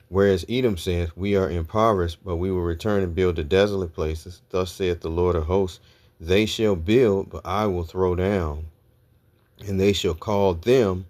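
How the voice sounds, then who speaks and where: A man's voice: low-pitched, a little mellow. A man teaching a sermon, reading scripture aloud and checking in with his listeners with "all right?" and "okay?" after almost every point. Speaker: preacher.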